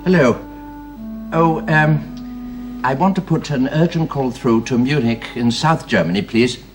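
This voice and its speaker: An actor playing a flustered, courteous old gentleman. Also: mid-range voice, measured pace, music in the background, lightly acted. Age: older. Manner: formal and polite, hesitant with many ums. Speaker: grandfather of the household. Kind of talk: 1930s period radio drama.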